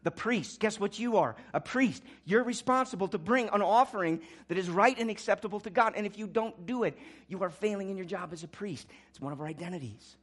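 A man's voice: high-pitched, fairly quick. Impassioned male pastor preaching. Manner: impassioned preaching, swinging from quiet to loud. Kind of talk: sermon.

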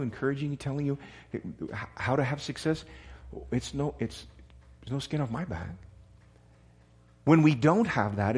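A man's voice: mid-range voice, husky. Emphatic man preaching a sermon. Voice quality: repeats and restarts words, emphatic jumps in volume. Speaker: pastor.

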